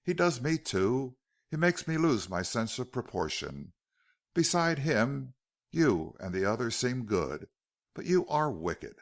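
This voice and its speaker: A man's voice: medium pitch, big pitch swings, slow pace, exaggerated voice. A male narrator voicing a defiant, frightened young woman held captive, speaking earnestly in an audiobook. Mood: indignant.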